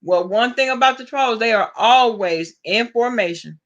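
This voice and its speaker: A woman with a Southern US accent telling stories in a sassy, animated way, laughing often. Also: fairly high pitch, normal speed, lo-fi sound. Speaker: vlogger. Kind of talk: casual storytelling.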